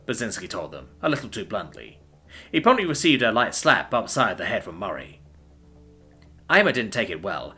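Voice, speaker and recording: A man narrating a science fiction story in an expressive storytelling style. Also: lowish voice, brisk, husky, faint music behind. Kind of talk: audiobook narration.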